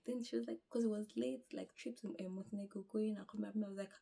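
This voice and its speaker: A tired young woman from Nigeria, chatting through a lively, casual travel story outdoors. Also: medium pitch, very fast, gravelly, slightly rough. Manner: animated, chatty, acts out quoted dialogue. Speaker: travel vlogger.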